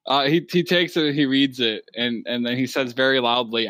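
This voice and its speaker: A man's voice: mid-range voice, fairly even intonation, a little slow, long pauses, fairly bright tone, no echo. A man narrating an improvised tabletop game as game master, hesitant and thinking aloud.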